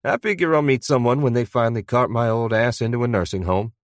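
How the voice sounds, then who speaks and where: A man's voice: medium pitch, fast talker, dry recording, clean studio sound, natural voice. A man voicing an older retired newspaper veteran who talks in a sardonic, ribbing way, in an audiobook.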